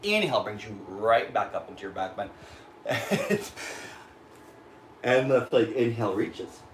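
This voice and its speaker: A man's voice: fairly low pitch, brisk, echoey room, a little hiss or hum, low-quality recording. A man leading a yoga class, calling out breaths and poses while doing them himself, a little short of breath, with an American accent. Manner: calm cueing of breath and poses, breathy while moving through the flow. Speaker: yoga instructor. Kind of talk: guided yoga class cues. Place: yoga studio.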